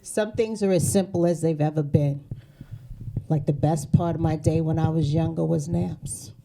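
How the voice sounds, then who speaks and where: A gravelly, low-sitting voice with a dark tone and fairly even intonation, delivered at normal speed. It belongs to a woman comic from New England whose East Coast stand-up is brash, profane, and sarcastic, recorded on a stage mic before a laughing live audience.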